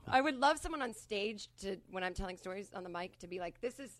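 A woman telling a story in casual chat, animated and swearing, acting out quotes loudly. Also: medium pitch, fast. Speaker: podcast guest.

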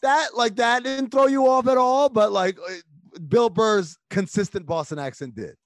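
A man talking casually and emphatically as a podcast guest, rambling with quick restarts. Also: high voice, no echo, clean studio sound. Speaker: podcast guest, basketball analyst.

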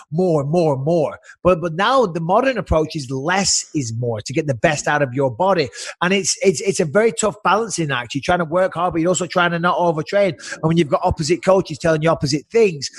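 Animated, swearing man telling stories. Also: a little high, brisk, breathy edge, no room sound. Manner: profane, animated storyteller. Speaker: podcast co-host. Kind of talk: casual storytelling chat.

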